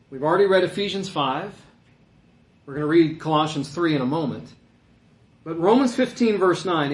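A man preaching with animation, firing questions and answering them, then reading scripture aloud. His voice sits a little high for a man. The room gives it a clear echo. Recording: echoey room.

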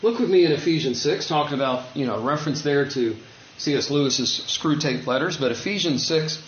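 A man with a slightly high voice preaches a sermon in a relaxed, conversational way, and his pitch climbs when he acts out dialogue. The recording is muffled and roomy. A faint hum sits behind him. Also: fairly quick. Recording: dull echoey room recording.

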